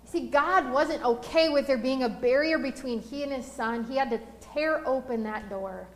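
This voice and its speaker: A woman pastor giving a sermon, telling a personal story and slowing down to read scripture aloud. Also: high voice. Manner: storytelling, slows for scripture reading. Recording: roomy echo.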